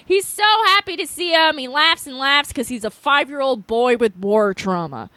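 A woman co-hosting a comedy podcast, giggly and animated as she recaps the story. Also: sits high, moderate pace, no room sound. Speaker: podcast co-host recapping episodes. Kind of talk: casual comedy podcast chat.

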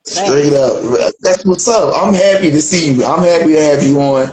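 A man's voice: fairly high pitch, moderate pace, a crowd in the background. A man hosting a casual live-stream chat, laid-back and repetitive with his catchphrases. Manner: laid-back, repeats "feel me" and "let's talk". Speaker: host. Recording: echoey room with faint noise.

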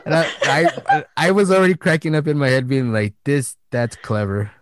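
Animated, laughing man chatting casually. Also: fairly high pitch, fast. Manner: animated storyteller, laughs often. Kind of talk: casual chat.

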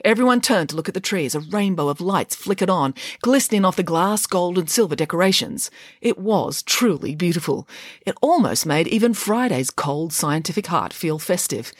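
A woman narrating an audiobook in an expressive storytelling manner. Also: lowish voice, moderate pace, dry recording, studio quality.

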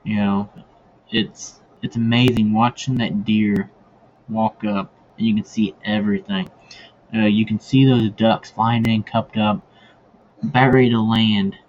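A man's voice: on the low side, fairly even intonation, a little slow, darkish tone. A man hosting a hunting podcast who tells casual stories, rambling with many fillers and restarts. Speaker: podcast host. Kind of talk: casual storytelling. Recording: dull lo-fi recording with faint ambient noise.

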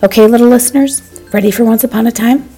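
A woman narrates a bedtime-style children's story as host of her podcast. She speaks to young listeners in a lively, friendly manner. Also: on the high side, quick pace, husky, faint music behind, poor audio.

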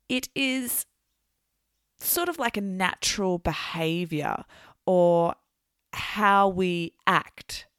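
A woman hosting a podcast, explaining words in a clear, teacherly way before an interview. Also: lowish voice, dry recording, studio quality. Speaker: podcast host. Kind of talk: podcast intro and vocabulary lesson.

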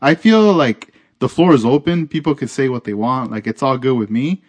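A man's voice: mid-range voice, normal speed. Easygoing man hosting a podcast. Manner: easygoing, thinking aloud with likes and restarts. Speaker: podcast host. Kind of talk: casual chat.

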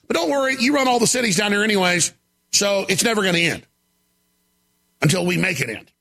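A man hosting a talk show, delivering an emphatic, ranting monologue with a gravelly voice. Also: high-pitched, animated, a little fast. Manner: gravelly, shouting, emphatic rants.

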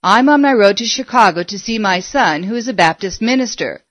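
A woman's voice: medium pitch, animated, brisk, fairly bright tone, no echo, natural voice. A woman voicing a persistent middle-aged woman astrologer who keeps coaxing and insisting. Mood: insistent.

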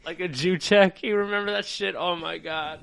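A young man co-hosting a podcast, needling his friend with deadpan teasing. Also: sits high, moderate pace, creaky. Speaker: podcast co-host. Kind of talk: casual podcast banter.

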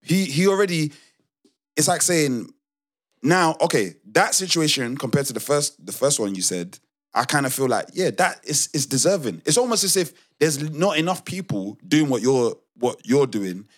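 A man's voice: on the high side, animated, normal speed. A man on a podcast, talking a point through, starting over often and searching for words. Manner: hesitant, restarts often while reasoning. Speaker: podcast co-host. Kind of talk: casual chat.

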